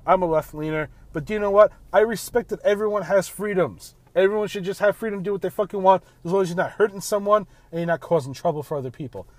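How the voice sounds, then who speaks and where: A man's voice: sits high, quick pace, hardly any pauses, a little mellow, no echo. A man hosting a casual monologue from his car, talking bluntly with heavy swearing and often tacking on "man". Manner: blunt, profane, ranting, keeps saying "man". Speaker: podcast host. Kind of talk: casual monologue while driving.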